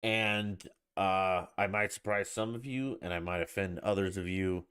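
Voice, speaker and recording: A man's voice: sits low, steady tone, unhurried, a bit bright, clean tone. A man hosting his own podcast alone, talking in a blunt, irritated and profane way. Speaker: podcast host. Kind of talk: casual solo podcast rant.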